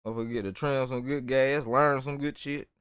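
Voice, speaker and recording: A man's voice: medium pitch, fairly even intonation, a little fast, a bit bright, smooth, no room sound, studio quality. A man giving casual reaction commentary on a video, talking in rambling, profane slang.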